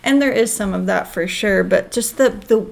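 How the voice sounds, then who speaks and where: A woman's voice: mid-range voice, moderate pace, creaky. A woman guest on a podcast in casual chat, hesitant and searching for words.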